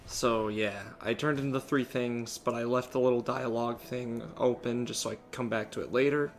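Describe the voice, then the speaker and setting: A man's voice: medium pitch, fairly even intonation, normal speed, faint music behind. A sick man hosting a casual let's-play, rambling and losing his train of thought as he plays. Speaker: gaming let's-play host. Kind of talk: casual gameplay commentary.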